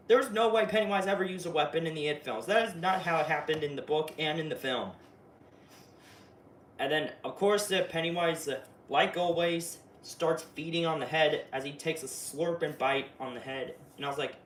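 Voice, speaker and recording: Brief: chatty male reviewer, slightly high voice, excitable, echoey room with the mic set far back. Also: normal speed, slight background noise. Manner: excitable, chatty, with lots of fillers. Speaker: video reviewer. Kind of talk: casual spoiler recap. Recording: roomy, distant mic, faint ambience.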